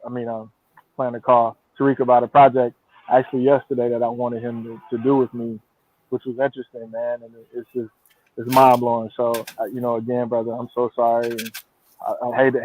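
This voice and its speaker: A man's voice: medium pitch, completely flat delivery, brisk, darkish tone, dry recording. A man on an online panel, apologetic and hesitant. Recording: tinny phone-like line.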